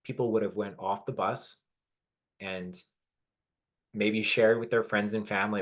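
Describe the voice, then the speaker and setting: A man's voice: lowish voice, steady tone, unhurried, pauses often. A man giving an earnest motivational lesson, with fillers and hesitations, leaning on key words. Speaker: personal development teacher.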